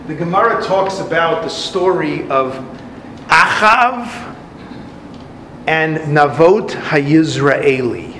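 A man's voice: on the high side, expressive, slow, bright, forceful tone, echoey room, a little hiss or hum, low-quality recording. A man giving a talk, retelling an old story with dramatic flair and acting out the voices.

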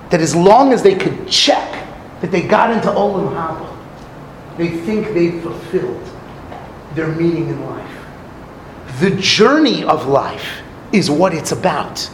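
A man's voice: fairly high pitch, very animated, normal speed, roomy sound, slight background noise, low-quality recording. A man giving a sermon on a Talmud story, telling it dramatically with acted quotes and Hebrew phrases. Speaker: rabbi teaching Talmud.

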